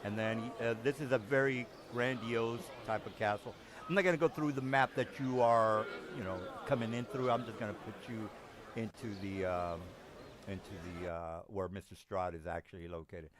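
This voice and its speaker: A man narrating a tabletop game as game master, halting with many ums and restarts. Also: lowish voice, fairly even intonation, a crowd in the background.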